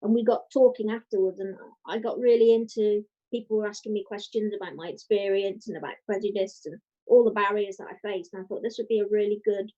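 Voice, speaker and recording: A woman guest chatting in a casual interview, telling a story with lively quoted voices. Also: mid-range voice, fast talker, hardly any pauses, highs cut off. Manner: animated storytelling, quoting others. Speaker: guest, writer and podcaster.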